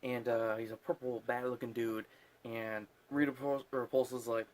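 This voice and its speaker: A man's voice: medium pitch, moderate pace, a little hiss or hum. Drunk man rambling through a movie. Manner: rambling, swearing, laughing at his own jokes. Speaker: host recapping a movie. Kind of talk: casual movie recap.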